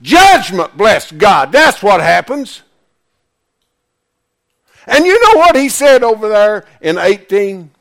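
A man's voice: sits high, very animated, takes it slowly, gravelly, long pauses, fairly bright tone. A man preaching a sermon, emphatic, firing questions at the congregation. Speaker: pastor.

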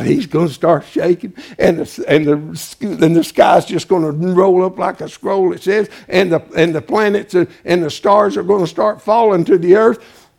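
A man preaching a folksy sermon, swinging from hushed asides to shouting. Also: a little high, creaky.

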